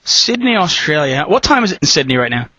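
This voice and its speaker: A man's voice: medium pitch, very animated, racing, sharp tone, breathy edge, dry recording, highs cut off. An American man co-commentating on poker, joking and self-deprecating in his banter.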